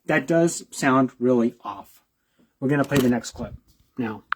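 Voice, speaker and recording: A man's voice: medium pitch, measured pace, background noise. A man, a video blogger, giving reaction commentary, repeating himself with rhetorical questions and restarts.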